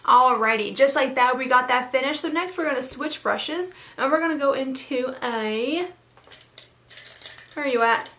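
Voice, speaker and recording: Young woman beauty vlogger, slightly high and bright, chatty and rambling, a touch hoarse. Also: normal speed. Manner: chatty, rambling with many fillers. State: slightly hoarse, frog in her throat. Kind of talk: casual makeup tutorial chat.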